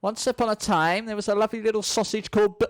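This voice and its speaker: A man's voice: high-pitched, fairly even intonation, fast talker, clear, resonant tone, no echo, pitched above the performer's own voice, natural voice. A man reading a screenplay aloud, voicing a dim-witted, simple male servant who talks earnestly. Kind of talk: screenplay read-through.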